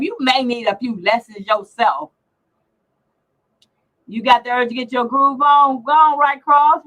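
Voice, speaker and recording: A woman's voice: on the high side, unhurried, a bit bright, poor audio. A middle-aged woman hosting a casual livestream chat, teasing and brash as she reads out comments. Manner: brash, teasing, salty language. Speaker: livestream host.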